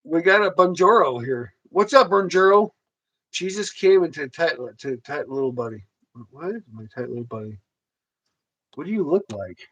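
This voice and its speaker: A man's voice: fairly high pitch, animated, normal speed, a bit bright, muffled recording. A man with a Southern US accent hosting a livestream, joking and teasing his co-host in casual chat.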